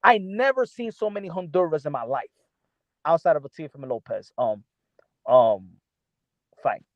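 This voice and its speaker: A man with a New York accent holds forth in a heated boxing debate, his voice sitting slightly high. He presses insistently and stacks repeated words to win the argument. The sound is dry and somewhat muffled. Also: animated, moderate pace, no room sound. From New York City. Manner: insistent, talks over others, repeats words. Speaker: boxing commentator.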